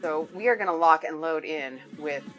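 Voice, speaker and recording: A woman's voice: sits low, normal speed. A young woman hosting a casual cooking live stream, chatting with viewers, laughing often and swearing freely. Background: music playing.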